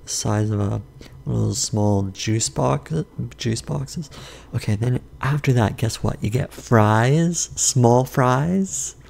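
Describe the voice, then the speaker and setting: Man, vlogger, casual rambling monologue, gravelly, mellow tone. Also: medium pitch. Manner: rambling, unhurried, self-correcting. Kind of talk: casual food review monologue.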